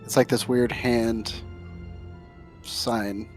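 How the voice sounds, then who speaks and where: A man's voice: medium pitch, flat delivery, very slow, soft background music. A man playing in a tabletop game, talking casually and playfully. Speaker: player. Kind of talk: tabletop role-play chat.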